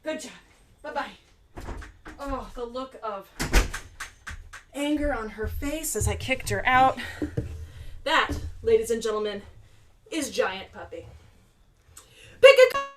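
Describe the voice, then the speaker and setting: A woman's voice: a little high, takes it slowly, long pauses, roomy sound, distant mic, noisy background. A playful, chatty woman hosting a live virtual show over a video call, talking the audience through each step. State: out of breath. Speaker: performer and host.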